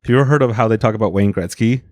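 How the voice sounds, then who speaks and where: A young man co-hosting a podcast, rambling in a deadpan way and stumbling over words in casual chat. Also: lowish voice, racing, dry recording. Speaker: podcast co-host.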